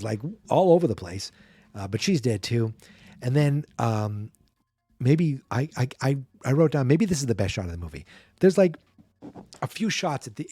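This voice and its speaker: A man hosting a podcast, recapping a film in a casual, animated, enthusiastic way with some swearing. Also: medium pitch, no echo. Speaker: podcast host.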